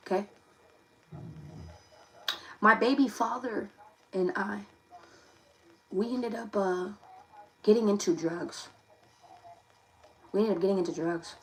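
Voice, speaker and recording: A woman's voice: on the low side, darkish tone, rough recording. A young woman, reading tarot casually to camera in a confiding, emphatic way that repeats itself. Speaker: tarot reader.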